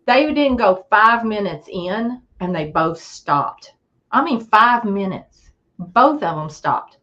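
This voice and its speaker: Animated woman telling a story, muffled. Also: mid-range voice, takes it slowly. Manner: animated storyteller acting out quoted voices. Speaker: podcast guest. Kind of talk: storytelling in casual chat.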